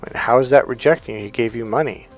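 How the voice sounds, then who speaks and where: A man's voice: mid-range voice, quick pace, no room sound, faint music behind. Middle-aged man teaching casually. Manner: conversational, acts out quoted dialogue. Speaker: life coach and NLP trainer. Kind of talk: informal teaching monologue.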